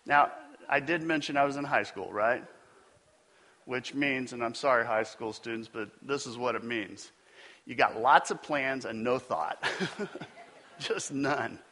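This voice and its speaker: A man's voice: mid-range voice, measured pace, long pauses, bright, forceful tone. A man preaching a sermon, telling a funny personal story before building to emphatic preaching. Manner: storytelling with self-deprecating humor. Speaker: pastor.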